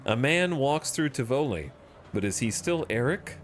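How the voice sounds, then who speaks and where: Lively man streaming a strategy game. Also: mid-range voice, slow, long pauses, a little hiss or hum. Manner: reads game event text aloud with wry asides. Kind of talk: casual gameplay commentary.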